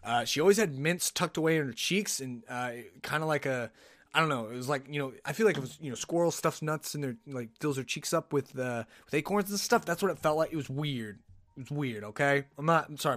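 A man hosting a podcast, telling rambling, animated stories and often cutting himself off. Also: medium pitch, fairly quick, no room sound. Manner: rambling, animated, self-interrupting. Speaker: podcast host. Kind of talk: casual solo podcast storytelling. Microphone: podcast microphone.

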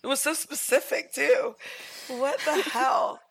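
A woman's voice: high voice, unhurried, vocal fry, breathy edge, dry recording. A woman from Central Florida with its accent, co-hosting a podcast in casual chat and telling stories with lots of laughter and swearing. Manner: animated storyteller, laughs often, swears freely. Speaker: podcast co-host.

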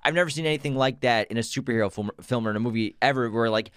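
A man talking about movies at a quick clip, eager and animated. His voice sits at an ordinary middle pitch, and the recording is dry and close, with no room sound. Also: clear, resonant tone, no room sound. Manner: fast, eager, animated opinions. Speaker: co-host of a movie channel. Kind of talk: casual movie discussion.

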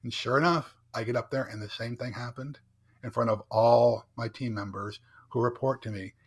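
A man's voice: medium pitch, steady tone, normal speed, husky. A middle-aged man, a podcast guest, telling a personal story in an earnest, emphatic way and often checking in with "right?". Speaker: podcast guest, entrepreneur and speaker.

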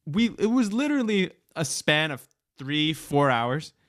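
A man co-hosting a podcast, telling a story in casual chat, getting animated and laughing as he goes. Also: a little slow, no room sound, studio quality. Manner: animated storyteller, laughs and rises in pitch when excited. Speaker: podcast co-host. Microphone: studio microphone.

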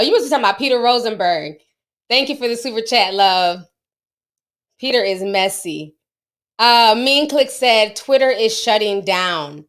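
A middle-aged woman with a mid-range, slightly bright voice hosts a casual livestream. She chats with her viewers and laughs often.

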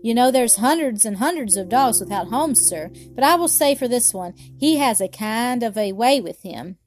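Woman doing a humble mom, polite and deferential, sir this sir that, kinda high voice. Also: animated, normal speed, soft background music, lightly acted. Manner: deferential, addresses him as sir. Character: humble, respectful working-class mother.

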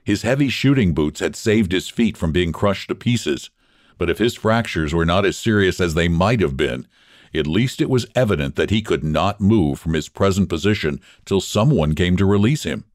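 A man narrating a story in an expressive, measured reading. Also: low voice, dry recording, studio quality.

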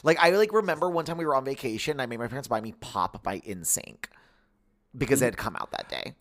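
A man's voice: medium pitch, fast talker. A man in his thirties, co-hosting a podcast, telling a story in casual chat with lots of "like" and acted-out quotes. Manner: animated, full of "like", acts out quoted voices. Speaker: podcast co-host.

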